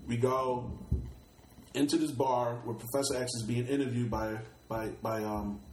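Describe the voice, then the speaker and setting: A man's voice: medium pitch, darkish tone, reverberant, a little hiss or hum, rough recording. A middle-aged man from Brooklyn with a New York accent, telling stories in an interview in a casual, streetwise way, often repeating and restarting words and swearing freely. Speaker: rapper interview guest.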